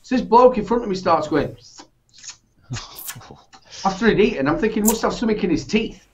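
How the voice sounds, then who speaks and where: Lively high-voiced Yorkshire man. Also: normal speed, a little hiss or hum. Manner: animated anecdotes, swears, laughs through stories. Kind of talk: casual chat, storytelling. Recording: dull lo-fi sound.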